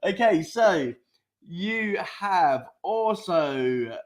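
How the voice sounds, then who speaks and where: A man's voice: high voice, expressive, drawn-out words. A male host opens a live interview show with easy, chatty energy. He talks in a slightly raised voice and laughs freely between questions. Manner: chatty and upbeat, laughs easily.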